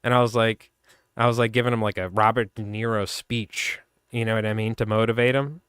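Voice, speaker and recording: A man with a Long Island accent hosts a livestream and chats loosely, telling one story after another with plenty of laughter. His voice is smooth and clear. It sounds close and dry, recorded on a desk mic at his streaming setup. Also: lowish voice, a little fast, no room sound. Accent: Long Island New York. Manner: rambling, laughing, animated storyteller. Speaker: fly tying livestream host. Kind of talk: casual storytelling chat.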